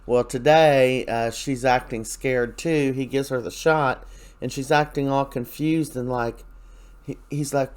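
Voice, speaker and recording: Man, soap recap host, chatty, rambling, lots of ums, mid-pitched voice. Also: steady tone, a little slow. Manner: chatty, rambling, with many fillers and quoted lines. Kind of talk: casual spoken recap.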